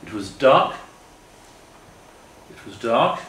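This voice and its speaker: A man's voice: mid-range voice, very animated, slow, a bit bright, far from the mic, slight background noise. An older man giving a public talk with slides in a meeting hall, speaking earnestly and rambling, often correcting himself. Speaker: guest speaker. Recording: echoey room, faint ambience.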